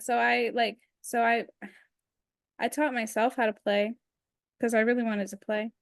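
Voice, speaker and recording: A woman's voice: fairly high pitch, little pitch movement, unhurried, creaky, long pauses, no room sound. Young woman guest on a video call, chatty and rambly, lots of likes and ums, dry close sound. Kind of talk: casual interview chat.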